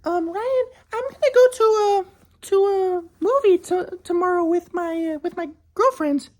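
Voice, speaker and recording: A man voicing his defensive, pleading young ex-girlfriend in a high, whiny falsetto. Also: unhurried.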